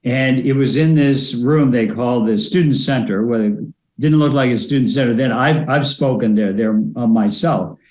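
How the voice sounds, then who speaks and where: An older man answers interview questions in a measured, anecdotal way, often pausing on fillers. His voice sits at a middle pitch and carries a roomy echo around it. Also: darkish tone. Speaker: guest, former presidential advisor and speech coach.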